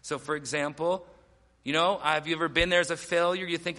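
A man preaching in a slightly higher-than-usual voice, earnest and emphatic, leaning into his stressed words. His voice carries a long reverb, as in a church hall. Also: moderate pace, fairly bright tone. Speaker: pastor. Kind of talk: sermon.

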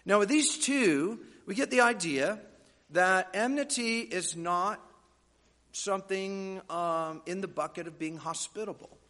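A man's voice: high voice, measured pace, fairly bright tone. A male pastor preaching a sermon, explaining scripture with folksy joking asides to the congregation. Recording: long hall reverb.

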